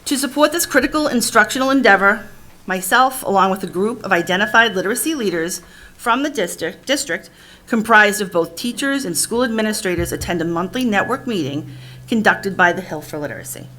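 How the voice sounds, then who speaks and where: A woman, a district literacy administrator, reading a formal, measured presentation narration. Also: mid-range voice, animated, sharp tone.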